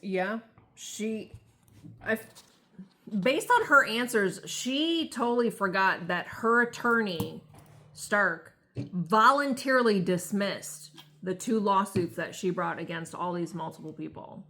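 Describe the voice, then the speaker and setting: A woman speaking slowly and deliberately in a casual chat. Her voice is bright and forward, and she fills in the details of the story in a measured way. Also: mid-range voice. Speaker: co-host.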